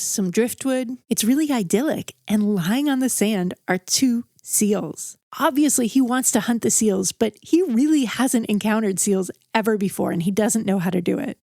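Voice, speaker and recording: A woman's voice: mid-range voice, mellow, no room sound, clean studio sound. A woman narrating a true story in a casual, vivid, conversational way, building suspense as she goes. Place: outdoors around a campfire.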